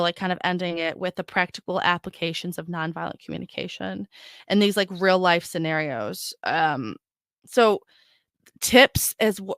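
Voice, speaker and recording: A young woman hosts a solo podcast in a loose, chatty way, often restarting her sentences and calling her listeners "guys." Her voice is smooth and clean, recorded close and dry with no room sound. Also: mid-range voice, fairly bright tone, no echo. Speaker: podcast host. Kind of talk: casual solo podcast talk.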